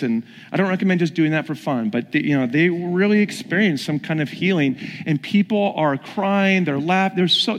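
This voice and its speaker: A man preaching a sermon, telling stories and putting questions to his congregation. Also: medium pitch. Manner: storytelling, questions the audience. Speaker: pastor. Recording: long hall reverb.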